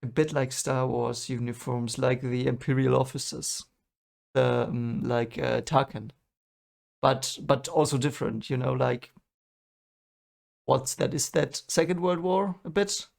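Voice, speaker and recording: A man's voice: mid-range voice, fairly even intonation, a little slow, gravelly, darkish tone. A man hosting a movie reaction, rambling and correcting himself as he thinks aloud. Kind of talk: casual reaction commentary.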